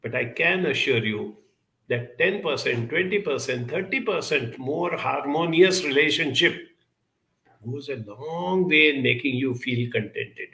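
Brief: male counsellor with a gravelly, bright voice, earnest and advisory, some hesitations, echoey room. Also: a little high, measured pace. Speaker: counsellor giving a talk. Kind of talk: talk answering audience questions.

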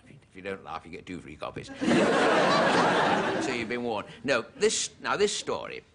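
A man tells jokes in a wry, deadpan way, his low voice rising and falling a lot. Loud audience noise sits under the whole recording. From Britain. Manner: jokey, self-mocking, deadpan delivery. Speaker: comedian. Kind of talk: stand-up monologue. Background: studio audience laughter.

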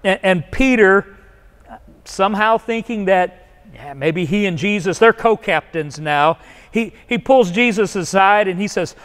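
A man's voice: high-pitched, animated, a little slow, a bit bright, big-room sound. A male pastor preaching a sermon in a conversational way, often restarting phrases and acting out quotes. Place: church sanctuary.

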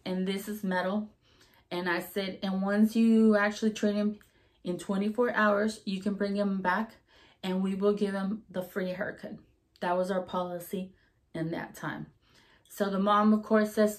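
A woman telling a story from her time running a hair salon. She talks casually and with lots of life, jumping into the voices of the people she quotes. Her voice sits at an ordinary middle pitch for a woman. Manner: animated, acts out quoted voices.

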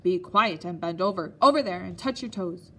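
A woman's voice: medium pitch, normal speed, a bit bright. A woman doing a cold, domineering old headmaster. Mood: stern. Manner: clipped, domineering, scornful. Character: stern, cold elderly male headmaster.

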